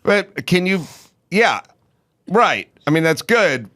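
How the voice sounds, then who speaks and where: A man's voice: high voice, sing-song, takes it slowly, fairly bright tone, no echo. A man hosting a talk show in a studio, chatting with a guest and reading an ad, with dry, wry interjections. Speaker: show host. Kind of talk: casual chat and ad read.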